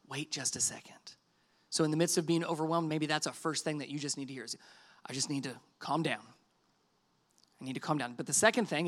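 A middle-aged man preaching a sermon, conversational and animated, acting out quoted dialogue. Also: high-pitched. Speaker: pastor.

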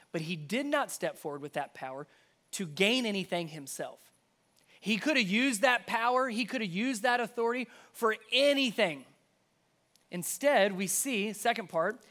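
A man preaching a sermon, emphatic, repeating key phrases and dropping to a hush for stress. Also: sits high.

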